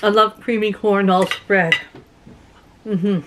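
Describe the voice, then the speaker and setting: Slow, chatty woman vlogging from home. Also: medium pitch, steady tone, noisy background. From Canada. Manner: chatty, storytelling, laughs often. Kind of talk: casual chat to camera. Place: home, rural.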